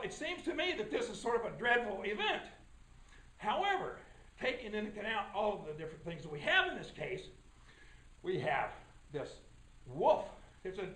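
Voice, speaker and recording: A man drops his voice low to play a pompous, officious judge who weighs every word slowly. The voice is deep and deliberate, with an echoey room around it. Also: fairly bright tone. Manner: slow, measured, officious. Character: stern, pompous male judge questioning witnesses.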